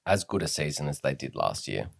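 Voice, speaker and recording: A man's voice: extremely low pitch, very animated, brisk, vocal fry, husky, no room sound, studio quality. A young man, co-hosting a casual podcast in a laid-back way and moving the talk along. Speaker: podcast co-host.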